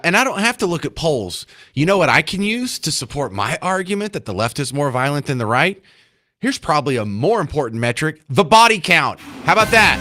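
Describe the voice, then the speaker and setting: A man's voice: on the high side, sharp tone. A man hosting a talk radio show, delivering a sarcastic, combative opinion monologue from a studio.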